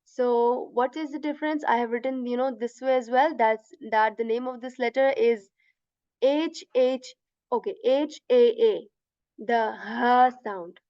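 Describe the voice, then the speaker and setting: A woman teaching letter pronunciation step by step, patiently repeating each sound slowly and checking in with "right?". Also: a little high, a little mellow, no echo, highs cut off. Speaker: Quran recitation teacher.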